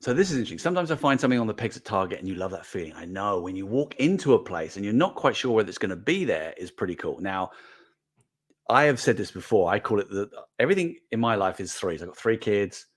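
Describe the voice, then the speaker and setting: A middle-aged man hosts a casual livestream, chatting and reading out comments as an animated, rambling storyteller. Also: lowish voice, quick pace. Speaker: host.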